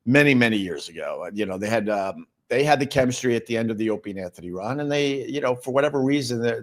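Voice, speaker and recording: A middle-aged man hosting a livestream, chatting casually and answering viewer comments in a rambling, sarcastic way with many repeated words. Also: mid-range voice. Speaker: livestream host.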